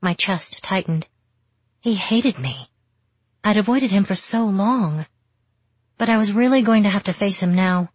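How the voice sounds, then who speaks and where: A woman narrating a novel in the first person with steady, reflective storytelling, on a dry, dull recording. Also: mid-range voice, a little slow, long pauses, dry recording. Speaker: audiobook narrator.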